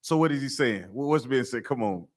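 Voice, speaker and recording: A man's voice: mid-range voice, animated, a little fast. A middle-aged man leads a scripture class. He lectures in a preaching style, emphatic and streetwise, and repeats his points for weight.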